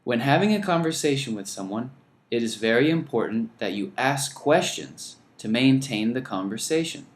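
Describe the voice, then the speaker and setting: A man teaching an English lesson, speaking slowly and deliberately and modelling phrases for learners to repeat. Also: medium pitch, expressive, echoey room. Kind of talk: scripted lesson narration.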